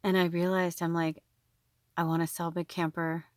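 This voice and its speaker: A woman's voice: lowish voice, flat delivery, moderate pace, no room sound, clean studio sound. A woman telling a personal story to her viewers in a chatty, emotional way, full of quoted dialogue. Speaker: tarot reader and spiritual medium. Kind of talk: casual storytelling to camera.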